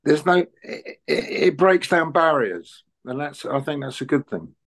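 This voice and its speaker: An older man in his sixties, a musician telling stories in a relaxed interview and acting out the dialogue. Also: a little high, a little slow, creaky. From England. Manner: chatty, anecdotal, plays out dialogue in quoted voices. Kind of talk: relaxed conversational storytelling.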